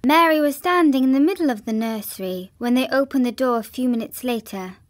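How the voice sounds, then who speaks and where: A woman narrating a children's classic in a gentle, even storytelling manner, with a synthetic sound. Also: high-pitched, brisk.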